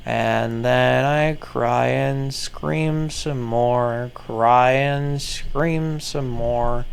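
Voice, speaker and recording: A man in his twenties performing a slow, anguished sung monologue, repeating his lament in a self-pitying way. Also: medium pitch, vocal fry, smooth. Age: 20s.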